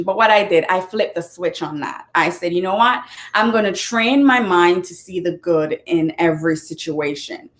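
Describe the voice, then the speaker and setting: A woman who is a motivational speaker and author, giving an earnest, casual talk. She repeats her points, often restarts her sentences, and now and then fumbles for words. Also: fairly low pitch. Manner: earnest and repetitive, with frequent restarts.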